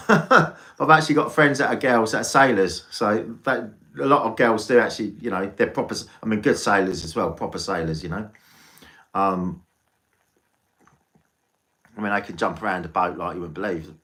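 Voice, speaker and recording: A man's voice: on the low side, normal speed, pushed and bright. An English man chatting casually on a live stream as a tarot reader, rambling and swearing freely.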